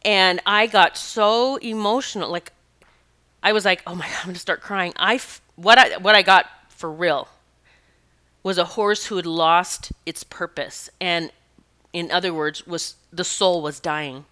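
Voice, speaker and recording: A woman tells a personal story in a loose, earnest way, often stopping to correct herself. Her voice is bright and tense at the edges, smooth and crisp. She speaks as an animal communicator and Reiki practitioner. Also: fairly low pitch, a little slow. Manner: rambling, self-correcting, earnest.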